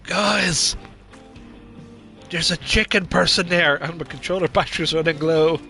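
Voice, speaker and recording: A man's voice: a little high, unhurried, sharp tone, faint music behind. A man streaming a game, talking casually in a rambling, chatty way with lots of filler words. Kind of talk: casual gameplay commentary.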